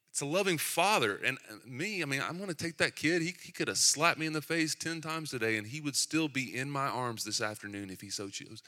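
A man's voice: mid-range voice, pushed and bright. A middle-aged man preaching a sermon in a church, conversational and joking between points, with asides about his kids. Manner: conversational, self-deprecating asides. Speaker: pastor.

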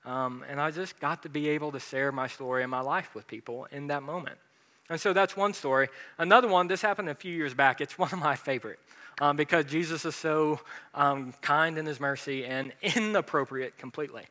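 Male pastor, storytelling sermon, fairly high bright voice, self-mocking humor, long hall echo. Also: a little fast. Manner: humorous, self-deprecating anecdotes.

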